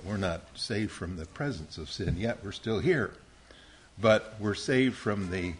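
A man's voice: on the low side, a little hiss or hum. Man teaching a Bible lesson. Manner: quizzing, patient, calls on listeners by name. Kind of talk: Bible lesson with questions to young listeners.

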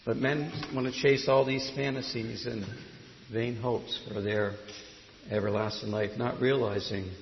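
A man preaching a sermon and telling a story, swinging from hushed to loud and impassioned. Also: mid-range voice, fairly even intonation, a little slow, roomy sound, in a large hall, dull audio, a little hiss or hum.

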